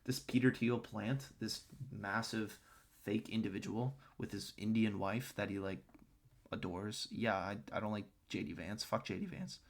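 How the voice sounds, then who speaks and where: A man's voice: on the low side, steady tone, measured pace, gravelly. A man ranting scornfully and profanely while reacting to video clips. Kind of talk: crude reaction commentary.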